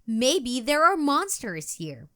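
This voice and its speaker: Excitable, easily scared storybook girl, read by a woman; high squeals, bright tone. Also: takes it slowly, heavily acted. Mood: excited. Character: excitable little schoolgirl, easily frightened.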